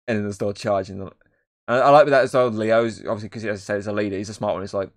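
Young male film reviewer, slightly low voice, rambling, casual, swears a lot. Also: steady tone, very fast. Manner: rambling, lots of fillers and swearing. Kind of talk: casual podcast chat.

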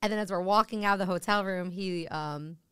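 A woman's voice: mid-range voice, a little fast, smooth, dry recording, studio quality. A woman in her thirties, a comedian guest, telling stories in a casual podcast chat and acting out the voices of people she quotes. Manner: animated storyteller, acts out quoted voices.

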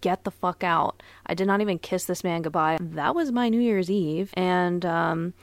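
Blunt, profane woman in her twenties; lowish fry-heavy voice, dry booth sound. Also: normal speed, no echo. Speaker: podcast host. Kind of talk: casual storytelling podcast.

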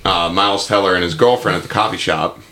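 A man's voice: sits low, fast talker, sharp tone, slight background noise. A man co-hosting a casual movie podcast, reasoning aloud in a loose way and leaning on "like". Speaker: podcast co-host. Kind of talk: casual movie discussion chat.

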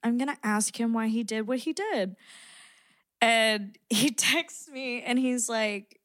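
A woman's voice: a little high, takes it slowly, fairly bright tone, no room sound, studio quality. A young woman co-hosting a podcast, telling stories frankly and laughing often in casual chat. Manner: candid storytelling, laughs often. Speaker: podcast co-host.

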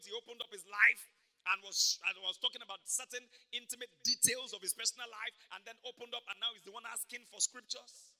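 A man pastor preaching a sermon at a church service, telling stories emphatically with sudden loud bursts. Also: extremely high pitch, long reverb tail.

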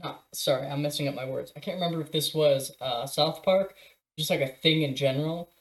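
A young man co-hosting a casual podcast, relaxed, chuckling and restarting his sentences. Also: a little high, brisk. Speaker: podcast co-host. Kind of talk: casual chat. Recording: roomy echo.

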